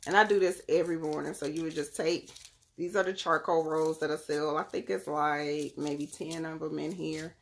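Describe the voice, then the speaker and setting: Brief: young woman, deep voice with fry, relaxed chatty live-stream host talking to viewers through her phone. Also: normal speed, slight background noise. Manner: chatty, talks straight to viewers by name. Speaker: live-stream host selling crystals and readings. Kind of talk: casual live-stream demonstration.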